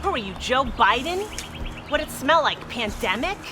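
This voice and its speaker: A woman's voice: sits high, big pitch swings, normal speed, noisy background. A woman playing a sarcastic, bossy young woman who mocks her friend in a comedy sketch. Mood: mocking. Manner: sarcastic, mocking.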